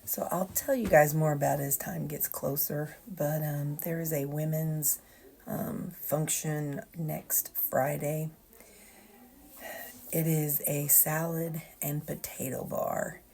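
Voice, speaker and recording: Older missouri lady vlogging, low mellow voice, bit of fry, lots of ums. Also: fairly even intonation, slow. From Missouri, USA. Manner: hesitant, many ums, folksy. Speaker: weight-loss vlogger. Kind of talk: casual chat to camera.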